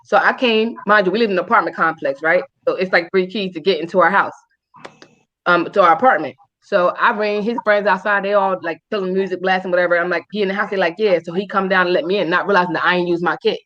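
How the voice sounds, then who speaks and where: A woman co-hosting a talk show, telling a profane story with animated, squealing voices for the people in it. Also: on the low side, fast talker. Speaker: radio show co-host. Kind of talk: casual chat, storytelling. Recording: dull lo-fi sound.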